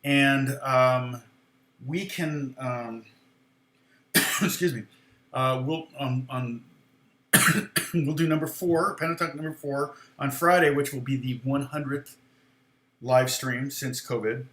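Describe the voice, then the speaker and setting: A man's voice: mid-range voice, takes it slowly, long pauses, a bit bright. A middle-aged man, a guitar teacher on a live stream, telling a story in a rambling way, with frequent chuckles and restarts. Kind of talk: casual storytelling chat. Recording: echoey room.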